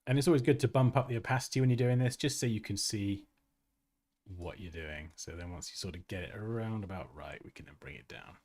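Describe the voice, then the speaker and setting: A man with a fairly low voice talks through a design tutorial on a live stream. He is chatty and self-mocking and breaks into laughs between steps, speaking close to a desk mic. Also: fairly quick, darkish tone. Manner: chatty and self-mocking, laughs often, reads out chat comments. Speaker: design tutorial livestream host. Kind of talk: casual live tutorial chat.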